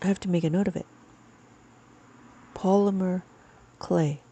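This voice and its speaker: A woman's voice: on the low side, fairly even intonation, unhurried, mellow, dull audio. A woman teaching abacus on a live stream, chatting with viewers and reading their comments aloud.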